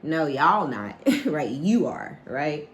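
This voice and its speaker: A woman with a deep, low voice gives an unscripted collective tarot reading. She talks bluntly and swears freely, and she keeps checking in with "right?" She acts out the lines of the people she describes with animation. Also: slow, slight background noise. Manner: animated, acts out quoted dialogue. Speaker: psychic tarot reader.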